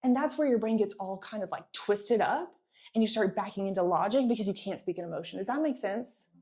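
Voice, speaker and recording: A pregnant woman in her thirties giving a lively sales training talk to a live audience, often asking them to answer back. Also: medium pitch, fairly quick. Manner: energetic, playful, asks audience for responses.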